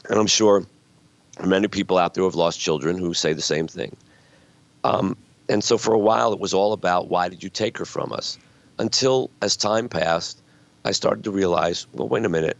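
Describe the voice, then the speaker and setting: Older guy, deep gravelly voice, thoughtful and earnest, sounds kinda muffled. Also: moderate pace, dry recording. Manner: earnest, reflective storytelling. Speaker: author guest. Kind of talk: conversational interview. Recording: dull lo-fi sound.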